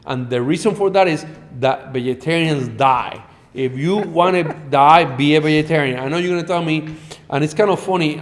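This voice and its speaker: A middle-aged man, a doctor guest on a podcast, telling animated patient stories in a blunt, profane way. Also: fairly high pitch. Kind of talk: storytelling in a podcast interview.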